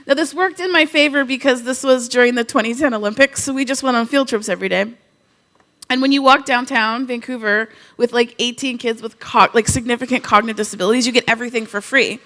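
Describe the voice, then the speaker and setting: Woman keynote speaker, from Canada, high voice, bright and crisp, humorous storytelling. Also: brisk. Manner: humorous, animated storytelling with quoted asides.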